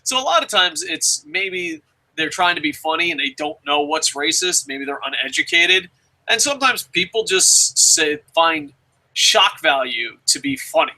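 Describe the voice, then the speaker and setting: A man's voice: high-pitched, big pitch swings, normal speed, vocal fry, sharp tone, rough recording. A man from New Jersey hosting a casual chat show, rambling and cursing freely with frequent laughs. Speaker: show host.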